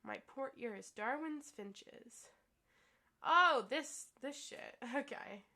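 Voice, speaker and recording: A woman streamer reads a visual novel aloud, breaking off into giggly, exclaiming reactions. Her voice sits a little high. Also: expressive, slow, sharp tone.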